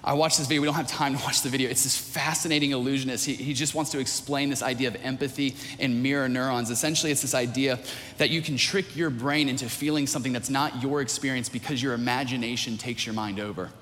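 A man's voice: mid-range voice, steady tone, quick pace, a bit bright, big-room sound, slight background noise. A man preaching a sermon in a church, earnest, building his points with repeated phrases and restarts. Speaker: pastor.

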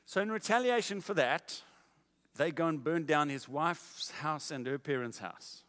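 A man preaching a sermon, telling a story in a casual, animated way. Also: a little high, unhurried, in a large hall.

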